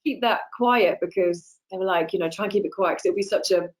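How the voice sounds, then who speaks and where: A woman, an actress guest chatting in a relaxed, friendly way over a video call. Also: medium pitch, a little fast, low-quality recording. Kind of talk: casual interview chat.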